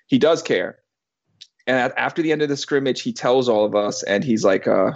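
A man's voice: medium pitch, normal speed, muffled recording. A man in his thirties telling a personal story in casual conversation, rambling with restarts and the odd curse word. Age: 30s. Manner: rambling, with many restarts and swearing.

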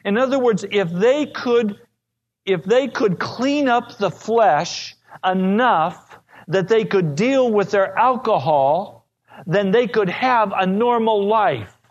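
A man's voice: high-pitched, animated, slow, highs cut off. A male pastor preaching a sermon, telling stories from his ministry in an earnest way.

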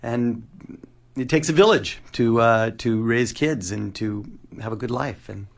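A man, a children's musician, chatting as a radio guest in a friendly, rambling way with many pauses. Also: medium pitch, vocal fry. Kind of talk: casual radio interview.

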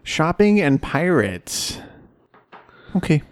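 A man's voice: on the high side, sing-song, slow pace, no echo. A man co-hosting a podcast, trading puns in casual, playful banter and laughing often. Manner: giggly, playful. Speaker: podcast co-host.

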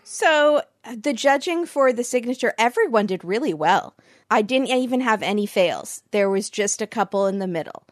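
A woman's voice: fairly high pitch, expressive, normal speed, dry recording, studio quality. A woman co-hosting a podcast, recapping a baking show in casual chat, laughing often and acting out quotes. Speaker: podcast co-host.

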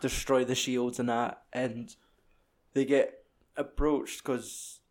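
A man's voice: medium pitch, little pitch movement, slow pace. Sweary Scottish man chatting about films. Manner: sweary, jokey, acts out film lines in other voices. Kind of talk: casual chat about films.

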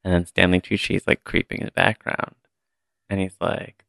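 A man's voice: low-pitched, flat delivery, moderate pace, gravelly, a bit bright, no echo. A man co-hosting a podcast, recapping a movie in casual chat that rambles and thinks aloud. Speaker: podcast co-host.

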